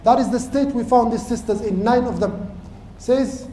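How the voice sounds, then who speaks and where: High-pitched guy preaching a story, mellow tone, roomy echo w/ a little hiss. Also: normal speed. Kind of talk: sermon storytelling.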